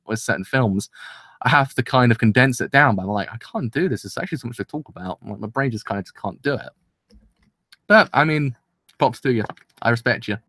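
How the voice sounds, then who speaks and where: Young male reviewer, rapid excitable rambler, dry close-mic sound. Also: medium pitch, no room sound. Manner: rambling, excitable, full of restarts and "kind of". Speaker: anime reviewer. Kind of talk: casual episode review.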